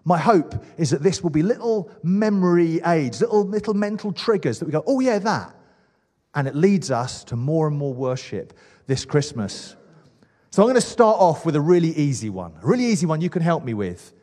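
A man's voice: fairly high pitch, very animated, brisk, a little mellow, big-room sound. A man preaching a sermon with enthusiasm, asking the congregation questions. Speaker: pastor.

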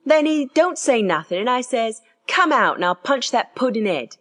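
A woman's voice: very animated, moderate pace, a bit bright. A woman reading aloud and voicing a young Cockney bellboy who peppers his speech with "sir". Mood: earnest. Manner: dropped grammar, constant "sir", higher pitch.

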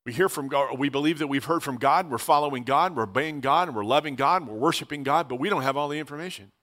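A man's voice: fairly high pitch, quick pace, fairly bright tone. A middle-aged man preaching a sermon in a conversational way, asking rhetorical questions and repeating key phrases. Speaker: pastor.

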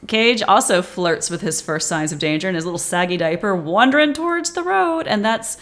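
Animated woman co-host, casual horror-film chat, lively intonation, laughs easily. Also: medium pitch, fairly quick. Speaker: podcast co-host.

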